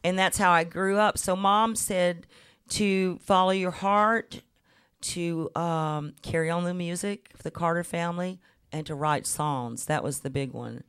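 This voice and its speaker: A woman in her fifties, a guest musician on a radio show, telling lively stories with frequent laughs and little voice impressions. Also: fairly low pitch, unhurried, clean tone. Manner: warm laughing anecdotes, mimics voices. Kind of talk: chatty storytelling interview. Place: radio studio.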